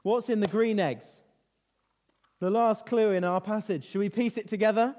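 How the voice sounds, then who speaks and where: Guy running a kids bible lesson, keeps quizzing them, highish voice, echoey church hall. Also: moderate pace. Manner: lively, quizzing children with questions. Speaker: children's talk leader. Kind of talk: interactive Bible lesson for children. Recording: reverberant hall.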